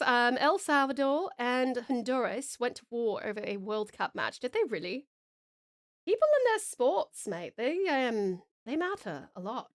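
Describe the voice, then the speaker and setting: Australian woman, streamer, high voice, casual playful chat, self-deprecating, dry close desk mic. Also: no echo. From Tasmania, Australia. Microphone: desk microphone close up.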